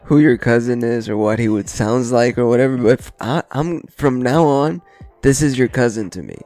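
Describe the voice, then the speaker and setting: A man's voice: mid-range voice, moderate pace, a little mellow, no room sound, faint music behind. A man co-hosting a casual podcast, laid-back and laughing along. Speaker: podcast co-host. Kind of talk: casual chat.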